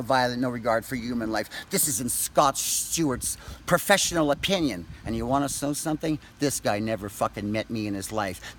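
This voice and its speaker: A man ranting angrily to camera, profane and accusatory, shouting at times. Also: medium pitch. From Canada. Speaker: vlogger. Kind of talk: angry direct-to-camera rant.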